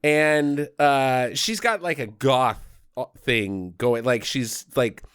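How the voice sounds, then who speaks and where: A man's voice: medium pitch, slow, a bit bright, smooth, no echo, clean studio sound. A man co-hosting a movie review podcast, chatting casually and rambling with fillers as he recaps the story. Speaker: podcast co-host.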